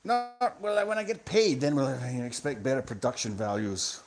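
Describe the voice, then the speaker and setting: A man in a profane, sardonic, rambling comic monologue that swings between loud outbursts and low mutters. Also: big pitch swings, normal speed. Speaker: vlogger. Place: room indoors with electric fans.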